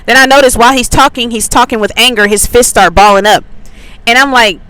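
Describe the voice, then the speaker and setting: A woman's voice: fairly high pitch, fairly quick, sharp tone, no echo, low-quality recording. A woman from Atlanta tells a faith story in a chatty way, with many likes and ums. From Atlanta, USA. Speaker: faith channel host. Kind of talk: casual spiritual testimony.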